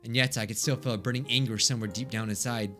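A man's voice: medium pitch, fairly even intonation, fast talker, bright, forceful tone, faint music behind. A young man hosting a let's play, reading visual novel text aloud with dramatic, exclaiming reactions. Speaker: gaming let's play host.

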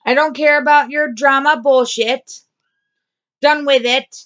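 A woman's voice: high-pitched, fairly even intonation, a little slow, fairly bright tone, lo-fi sound. A woman vlogger talking straight to camera in a blunt, repetitive diary-style video. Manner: blunt, swearing, repeats herself. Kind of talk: angry diary vlog rant.

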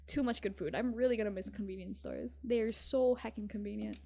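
A young woman streaming a game, chatting casually and brightly with her chat, greeting viewers by name and giggling often. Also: mid-range voice, fairly quick, creaky. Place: small room with thin walls, indoors.

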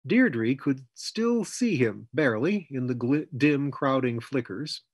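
A man narrating his own fantasy story in a measured reading voice. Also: mid-range voice, lively intonation, slightly rough, dry recording. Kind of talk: scripted narration.

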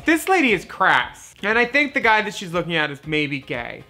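A man's voice: high voice, big pitch swings, normal speed, pushed and bright, faint music behind. A man in his forties hosting a comedy show, giving raunchy, profane, mocking commentary on videos. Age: 40s.

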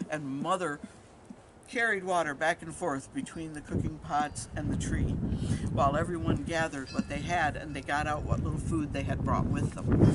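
Woman storyteller with loud background noise. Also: sits low. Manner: lively, questions the listeners. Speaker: storyteller and educator. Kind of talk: storytelling to children.

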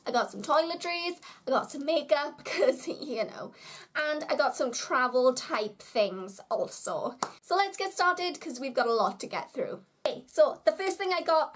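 A young woman from the UK, chatting in a bubbly, self-mocking way as she shows off her shopping haul for her vlog. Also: high-pitched. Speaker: vlogger.

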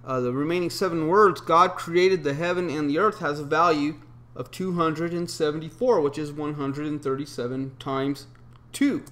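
A man's voice: fairly high pitch, normal speed, fairly bright tone. A man presenting a solo explanatory video, laying out long strings of numbers and reading scripture quotes, with frequent ums and uhs. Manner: methodical, recites numbers and scripture with filler ums. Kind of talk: explanatory monologue.

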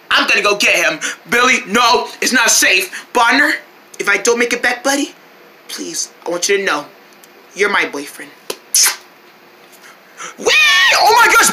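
A woman playing out a silly toy road-trip scene, switching quickly between many character voices with shouts and squeals. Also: on the high side, background noise. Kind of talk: playful toy role-play with many voices.

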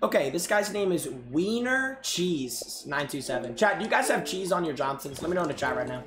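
A man's voice: a little high, big pitch swings, brisk. A young man streaming and coaching viewers' game clips, brash and profane, often repeating himself in exasperated outbursts. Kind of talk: live-stream game commentary. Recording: roomy echo with loud music behind.

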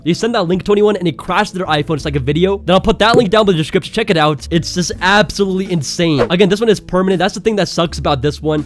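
A man hosting a casual tech video, excitable and laughing often as he walks through a phone trick. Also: sits high.

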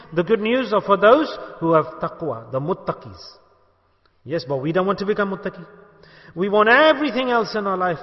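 A man, a sheikh, preaching a sermon to a gathering in an emphatic way, asking rhetorical questions and calling for responses. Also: sits high. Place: mosque gathering hall in Bolton. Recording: echoey hall, dull lo-fi sound.

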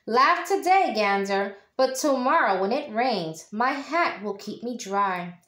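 Storybook hedgehog: small, earnest, proud little male, read by a woman, bouncy pitch, roomy sound. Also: lively intonation, slow pace, fairly bright tone. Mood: defiant. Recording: echoey room.

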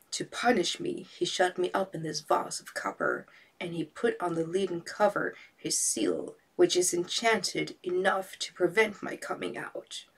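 A woman's voice: fairly low pitch, gravelly, slightly rough, heavily acted. A woman voicing a haughty, vengeful giant male genie in a storybook reading, speaking in a menacing half-whisper.

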